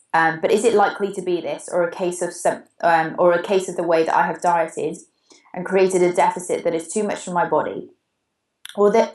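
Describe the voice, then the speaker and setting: Lower-voiced Welsh woman, echoey room. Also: a little mellow. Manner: chatty, digressive. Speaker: podcast co-host. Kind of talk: casual podcast chat, reading a listener question.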